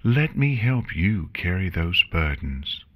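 A man reading an audiobook and voicing a gentle, regal female pony princess who speaks softly, kindly and formally. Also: sits low, sing-song, slow pace, heavily acted. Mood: pleading. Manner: soft, kindly, formal speech without contractions. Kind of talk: audiobook reading of fan fiction.

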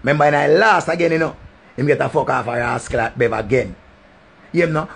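A man's voice: medium pitch, brisk, vocal fry, breathy edge. A man with a Jamaican accent telling a crude, rambling story in heavy patois, full of swearing. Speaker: vlogger.

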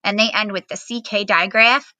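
A woman's voice: mid-range voice, steady tone, normal speed, sharp tone, dry recording, low-quality recording. A woman teacher giving a recorded phonics lesson to children at home, patiently spelling out words with fillers.

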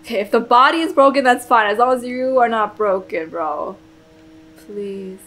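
A woman's voice: on the high side, normal speed, fairly bright tone, rough recording. A young woman doing let's play commentary, swearing and talking emotionally to the characters on screen. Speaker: gaming YouTuber. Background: faint game music.

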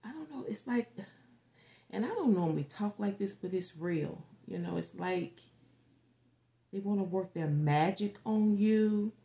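A woman giving a casual tarot forecast, rambling and animated, dropping to a whisper at times and swearing freely. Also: mid-range voice, a little slow, gravelly. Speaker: tarot reader.

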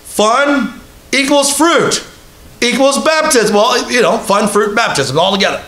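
Male preacher, high voice, conversational sermon delivery, congregation present. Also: animated, a little slow, sharp tone. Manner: conversational preaching with repeated rhetorical questions to the congregation. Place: church hall with a congregation.

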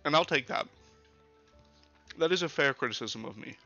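A male streamer gives let's play commentary in a lively, swooping voice that sounds bright and tense. He jokes and swears casually at his chat. A dull, lo-fi mic carries his voice over faint game music. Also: a little high, normal speed, creaky. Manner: chatty, joking, swearing to chat. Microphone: older desk mic.

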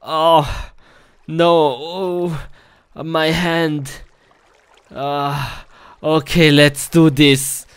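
Slow, halting man acting in a comedy skit. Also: a little high, flat delivery, clear, resonant tone. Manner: halting, broken English with many "oh" and "hmm" sounds. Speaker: skit performer.

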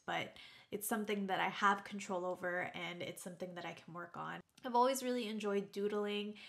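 A woman vlogger speaking to her viewers in a heartfelt, reflective way, halting at times with restarts. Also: medium pitch. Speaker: YouTuber. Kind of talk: heartfelt talk to camera.

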